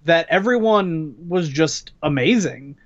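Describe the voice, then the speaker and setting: A man's voice: fairly high pitch, animated, slow. A man co-hosting a podcast, adding enthusiastic praise of the cast in casual chat. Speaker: podcast co-host. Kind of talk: casual movie review chat. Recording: slightly dull lo-fi mic.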